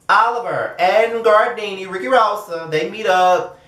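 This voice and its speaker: A young man giving a blunt, profane, animated casual commentary as a show reviewer. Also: high-pitched, a little slow, echoey room, a little hiss or hum.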